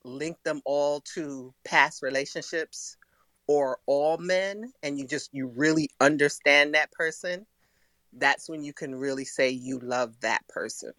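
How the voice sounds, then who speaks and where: A woman co-hosts a casual podcast chat in a slow, reflective way. She hesitates and restarts as she thinks. Her voice is dry and close. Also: low-pitched, a bit bright, dry recording.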